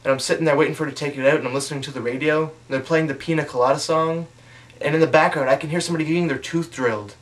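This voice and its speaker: A young man telling a comic monologue, deadpan, with mocking put-on voices when he quotes people. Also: a little high, racing.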